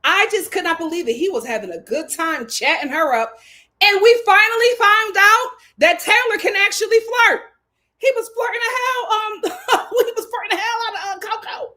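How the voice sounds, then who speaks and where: A woman's voice: very high-pitched, moderate pace, sharp tone. A woman recapping a reality dating show, laughing often and repeating lines for emphasis.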